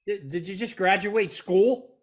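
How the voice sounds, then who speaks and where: A man co-hosting a podcast, teasing his co-host with quick jokes in casual chat. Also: sits high.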